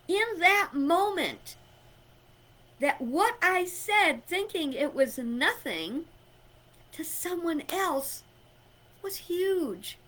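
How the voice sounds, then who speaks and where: A woman's voice: very high voice, pushed and bright. A middle-aged woman giving an inspirational talk, emphatic and conversational, telling personal stories and chuckling. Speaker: spiritual speaker.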